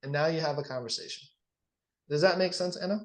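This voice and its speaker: Male sales coach, higher-pitched, energetic, demonstrative. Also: fast talker. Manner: animated, acts out sales dialogues. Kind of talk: casual coaching session.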